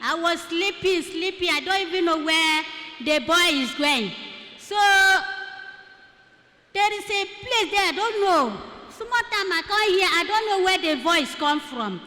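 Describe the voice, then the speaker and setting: High, bright Nigerian woman testifying. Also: expressive, measured pace. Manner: storytelling, slipping into Pidgin phrases. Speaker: church member giving testimony. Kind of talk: testimony in church. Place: church hall. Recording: echoey church hall.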